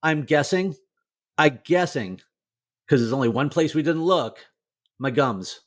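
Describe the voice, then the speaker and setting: A man's voice: fairly high pitch, expressive, measured pace. A middle-aged man, a motivational speaker, telling his own hard story as an interview guest, candid and emotional, swearing freely and filling with "like". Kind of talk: personal storytelling in a podcast interview.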